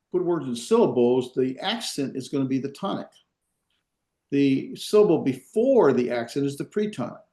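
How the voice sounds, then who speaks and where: A man's voice: mid-range voice, dark tone. Man lecturing in an echoey classroom. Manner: halting, many fillers and restarts, dry asides. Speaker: Hebrew teacher.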